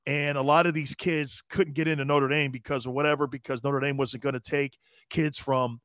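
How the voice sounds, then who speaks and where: A man co-hosting a sports talk show, casual and animated, slangy and storytelling. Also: medium pitch, normal speed, dry recording. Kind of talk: casual sports radio chat.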